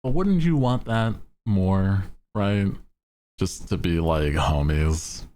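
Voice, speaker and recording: Deep slow guy streaming, chill and slangy, laughs a lot, voice bounces around. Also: animated, mellow. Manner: laid-back, laughs often, slangy. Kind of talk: casual stream chat.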